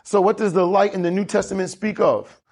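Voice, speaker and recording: Male pastor, lively sermon delivery, slightly raised pitch, husky texture. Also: fairly quick. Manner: animated preaching with congregation call-and-response.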